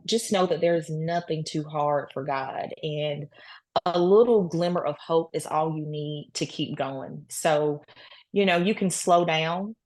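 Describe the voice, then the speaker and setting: A woman's voice: low voice, darkish tone. A woman guest in an interview, telling her story earnestly with many "you know"s. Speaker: guest, cancer survivor. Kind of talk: casual interview talk.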